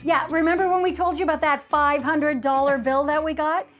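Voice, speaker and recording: A woman's voice: high voice, steady tone, fairly quick, soft background music. A woman co-hosting a travel vlog, telling stories and giving tips in a chatty way that breaks into laughs easily. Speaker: travel vlogger co-host. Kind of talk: casual travel tips chat.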